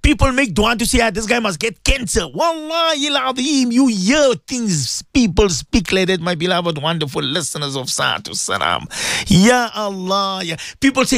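A male radio preacher delivers an impassioned, repetitive sermon, dropping to low murmurs and then rising to high cries. His voice sits high and wildly lively in pitch. It has a gravelly edge and is recorded dry and close. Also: normal speed, no echo. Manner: repetitive, emphatic.

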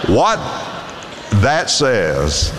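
With wildly swooping pitch from a medium base, a man preaches very slowly as pastor, reading old-English scripture and swinging his voice up and down for emphasis. Heavy background noise and a long hall reverb fill the recording.

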